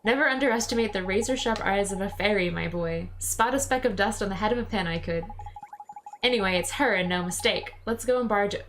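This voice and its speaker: A woman's voice: mid-range voice, brisk, a bit bright, slight background noise, lightly acted. A woman reading aloud as a cheeky male fairy sidekick, in a mock-blustery way.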